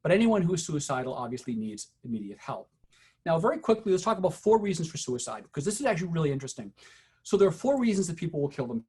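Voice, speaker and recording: A middle-aged man giving a teacher training, telling a story in a conversational, unhurried way with many fillers. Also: a little high, very animated, a little mellow, husky.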